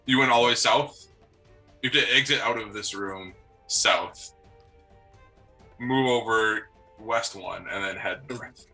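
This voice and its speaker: A man narrating a tabletop game as game master, halting with many ums and uhs. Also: lowish voice, pushed and bright, faint music behind, rough recording.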